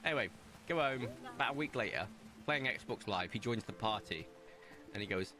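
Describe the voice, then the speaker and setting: A man's voice: lowish voice, animated, normal speed, sharp tone. Chatty young man streaming a game. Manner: chatty, rambling, storytelling asides. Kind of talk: casual gameplay commentary. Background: faint game music.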